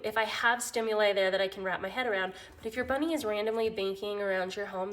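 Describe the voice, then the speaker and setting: A woman's voice: medium pitch, a bit bright. A woman who cares for rabbits talks casually to her viewers, using chatty storytelling full of "like". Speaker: rabbit care educator. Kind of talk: casual explanatory talk to viewers.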